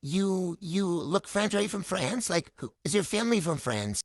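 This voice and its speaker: A young woman imitating an awkward, creepy thirty-year-old man, asking questions in a quiet, hesitant, mumbled way. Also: fairly low pitch, expressive, normal speed. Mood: prying.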